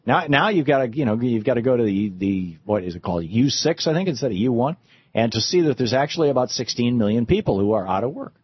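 A man's voice: mid-range voice, lively intonation, quick pace, breathy edge, no room sound, highs cut off. A middle-aged man hosting a talk radio monologue, rambling with frequent restarts and fillers. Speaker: radio host.

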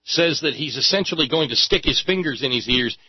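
A man's voice: fairly high pitch, expressive, fairly quick, slightly rough, no echo, highs cut off. A man ranting in sarcastic, angry commentary and swearing freely. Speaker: political commentator.

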